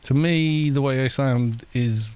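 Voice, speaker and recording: A man streaming a game, chatting casually in a quiet, gentle voice, rambling with restarts and soft laughs. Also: medium pitch, slow pace, a little hiss or hum. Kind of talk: casual live-stream chat while gaming.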